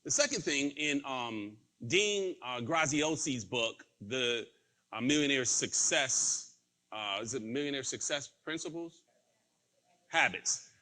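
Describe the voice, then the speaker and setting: A man with a bright, forceful voice delivers a motivational training talk. He tells a story and acts out each line of the quoted back-and-forth. His pitch sits at a middling level. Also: lively intonation, takes it slowly.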